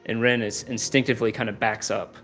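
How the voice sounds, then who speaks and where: A man narrating as game master of a tabletop game, slow and halting with many fillers. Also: fairly low pitch, fairly even intonation, fairly bright tone, soft background music.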